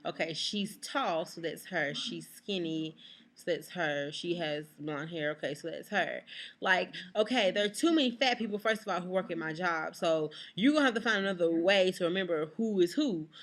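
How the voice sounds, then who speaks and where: A woman's voice: fairly low pitch, normal speed. A young woman, ranting to camera in a casual vlog, blunt and exasperated, swearing freely. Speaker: vlogger.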